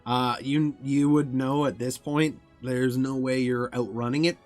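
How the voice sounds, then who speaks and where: A man's voice: mid-range voice, steady tone, a little slow, darkish tone, faint music behind. A man narrating a tabletop game as game master, describing scenes with filler restarts.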